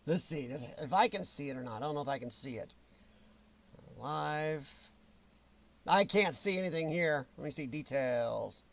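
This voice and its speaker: A man's voice: a little high, dry recording. A man hosting a livestream, ranting angrily and sarcastically with plenty of profanity. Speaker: livestream host.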